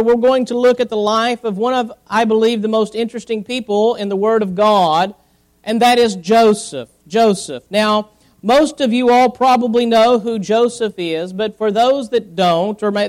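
A high-pitched man delivering a sermon. He explains scripture at an unhurried preacher's pace and stops now and then to read verses aloud. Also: a little mellow. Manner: expository preaching with scripture reading. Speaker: pastor.

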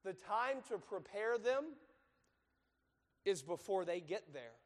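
A male pastor giving an earnest sermon, reading scripture aloud in a measured cadence and then explaining it to the congregation. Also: sits high, big pitch swings. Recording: long hall reverb.

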